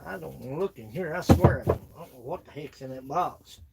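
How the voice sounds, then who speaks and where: A man's voice: mid-range voice, brisk, vocal fry, very noisy. A man with a drawl, chatting in a folksy, joking way while tidying his workshop. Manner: folksy, joking, talks to viewers and objects. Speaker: woodworking vlogger. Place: cluttered home workshop.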